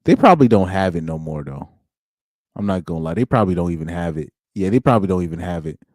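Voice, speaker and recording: A man's voice: deep voice, expressive, fast talker, darkish tone, no room sound, clean studio sound. A young man streaming alone, chatting casually in slang, rambling and laughing as he goes. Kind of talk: casual chat.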